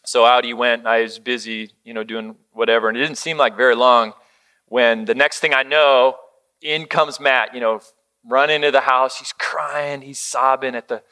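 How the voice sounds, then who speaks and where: A middle-aged male pastor delivers his sermon in a bright, clear voice. He talks like he's telling a story to friends, then drops his voice low and soft for the comforting lines. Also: fairly even intonation, moderate pace. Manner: conversational storytelling, dropping to a hush for quoted comfort.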